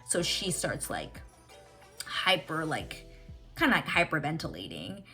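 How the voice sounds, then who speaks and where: A woman with a low voice chats through a TV episode recap, her pitch swinging widely as she gets worked up. She talks in an excitable, unfiltered way and swears freely. Faint music plays behind her. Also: a little slow. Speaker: TV reaction vlogger. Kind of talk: casual recap and reaction chat.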